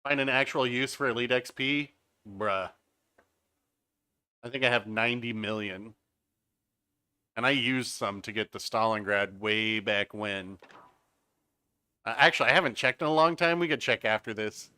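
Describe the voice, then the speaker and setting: A man commentates his own live gameplay in a loose, chatty way. His voice sounds bright and forward, and his pitch sits in a mid range. He breaks off often to read out chat messages and reply to them. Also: normal speed, pauses often, smooth, no echo. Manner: chatty, reads out chat, explains game mechanics. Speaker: game streamer. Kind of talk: casual live-stream commentary.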